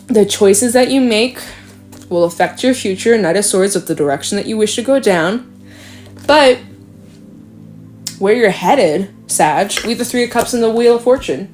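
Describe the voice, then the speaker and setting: A woman's voice: mid-range voice, darkish tone. Chatty young woman doing a tarot reading. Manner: rambling, chatty, swears and laughs often. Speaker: tarot reader. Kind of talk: casual tarot reading monologue.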